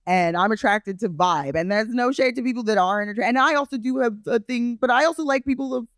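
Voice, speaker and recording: A woman's voice: a little high, quick pace, no echo, studio quality. A woman with a Brooklyn accent co-hosting a podcast, talking frankly and emphatically in casual chat, often restarting her sentences. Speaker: podcast co-host.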